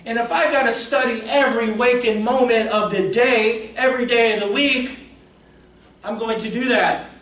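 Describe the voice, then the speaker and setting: A man voicing a determined young woman set on her goal, loud, resolute and emphatic. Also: very high-pitched, steady tone, moderate pace, pitched above the performer's own voice. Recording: roomy echo, distant mic, faint noise.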